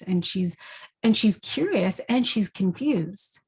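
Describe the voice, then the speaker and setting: A woman giving an intuitive energy reading, calmly telling a vision in a gentle, reflective way. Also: medium pitch, takes it slowly, creaky, slightly rough. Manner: gentle, reflective storytelling with fillers. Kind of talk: spoken guided vision.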